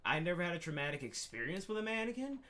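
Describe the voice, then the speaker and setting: A man telling a rambling, profane story in a casual gaming chat, animated and quick to swear. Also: high voice. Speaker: podcast co-host.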